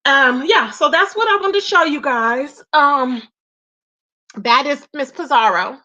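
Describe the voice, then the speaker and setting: A woman's voice: high-pitched, measured pace, pushed and bright, highs cut off. A woman talking casually to her viewers in a gossip vlog, repeating herself and calling them "child" and "y'all". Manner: chatty, repetitive, addresses viewers as "child" and "y'all". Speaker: YouTube commentator.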